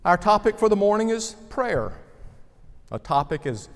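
A male pastor delivering a measured sermon, reading scripture and praying, letting his phrase ends fall away softly. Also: high voice, sing-song. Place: church sanctuary. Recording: long reverb of a church sanctuary.

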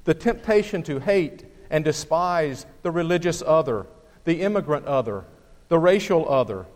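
A man preaching a sermon, reading scripture and speaking in a measured, deliberate way with slow, emphatic pauses. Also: a little high, expressive. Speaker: pastor. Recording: long reverb of a church hall.

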